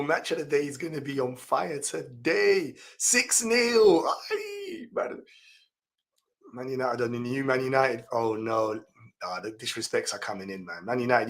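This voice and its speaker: A man hosting a live fantasy football stream, reading out viewer comments and reacting with laughs and exclamations. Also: medium pitch. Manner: chatty, laughs often, reacts loudly to comments.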